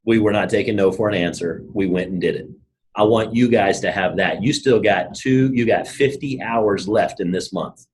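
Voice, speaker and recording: A man, giving an energetic, casual motivational talk to his team and telling stories. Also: on the low side, normal speed, rough recording. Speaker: network marketing team leader.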